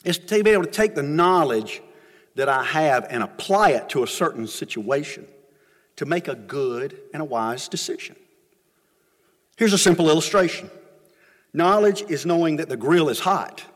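A man's voice: animated, normal speed. Guy preaching, chatty storytelling, voice rings out in a big reverby church. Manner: folksy storytelling with swings of pitch and volume. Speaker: pastor. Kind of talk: sermon. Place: church sanctuary.

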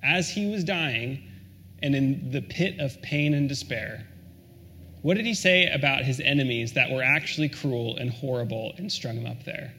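A man preaching a sermon, earnest and questioning, often dropping to a soft hush on key lines. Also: medium pitch, moderate pace, slight background noise. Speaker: pastor.

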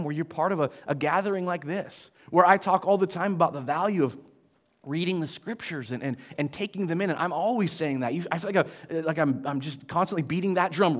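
A man in his forties preaching a sermon to his congregation in a church, chatty and self-deprecating, with frequent asides to the room. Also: a little high. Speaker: pastor. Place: church auditorium.

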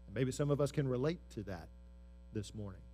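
A man's voice: medium pitch, animated, a little fast, warm tone, a little hiss or hum. A male pastor giving a sermon in a church, speaking earnestly with repeated phrases for emphasis.

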